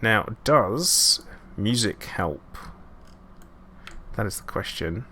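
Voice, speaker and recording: A man's voice: on the low side, expressive, very slow, pushed and bright, slight background noise. A man streaming a game, chatting casually and rambling with self-mocking asides. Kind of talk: casual live gameplay commentary.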